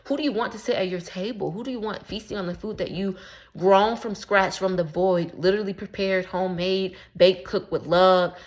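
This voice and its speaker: A woman's voice: mid-range voice, fairly quick, a little mellow. A woman spiritual coach talking casually in a vlog, slangy and rambling, with lots of filler words and amused at her own jokes. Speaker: spiritual coach and womb healer. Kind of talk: casual motivational vlog talk.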